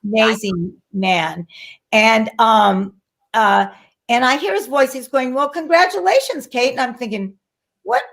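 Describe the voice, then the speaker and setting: A middle-aged woman telling a story as an interview guest in casual chat, lively and acting out what others said. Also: on the high side, unhurried. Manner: animated, acts out quoted voices. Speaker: guest, actress and flight attendant.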